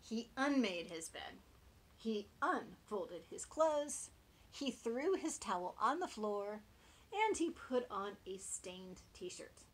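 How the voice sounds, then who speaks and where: Slow, gentle woman reading a picture book. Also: mid-range voice, husky. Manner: expressive, talks to young children. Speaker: teacher.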